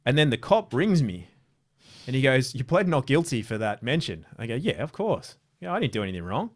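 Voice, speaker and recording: A man's voice: mid-range voice, very animated, a little fast. An Australian man, an interview guest, telling casual stories in a rambling way with many restarts. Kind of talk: casual storytelling.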